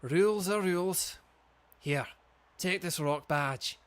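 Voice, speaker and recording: A man's voice: sits high, slow, a bit bright. Man reading as a sporty rock gym leader. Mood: sporting, upbeat. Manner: read with restraint, kept from sounding too old and gruff. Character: burly adult male rock gym leader, good-natured sport.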